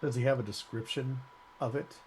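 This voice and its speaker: A man's voice: medium pitch, fairly even intonation, a little fast, crowd noise, low-quality recording. A man taking part as a player in an online tabletop game, joking around and restarting his sentences. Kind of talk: casual tabletop game chat.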